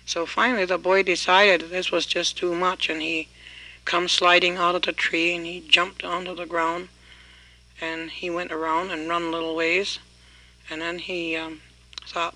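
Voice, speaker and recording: A man telling a traditional folk tale in a folksy, unhurried way, often repeating "he says". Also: high voice, level tone, sharp tone, rough recording. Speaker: storyteller.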